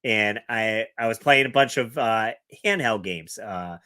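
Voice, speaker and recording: A man co-hosting a podcast, chatting casually in a relaxed, easygoing way. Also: fairly low pitch, measured pace, no echo, clean studio sound. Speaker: podcast co-host.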